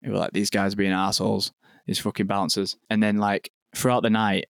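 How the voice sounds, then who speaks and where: A man's voice: on the low side, little pitch movement, brisk, gravelly, a bit bright, clear, resonant tone, no echo, clean studio sound. A young man, telling a story in casual podcast chat, rambling and sweary with lots of "like". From England. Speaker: podcast guest, venue owner.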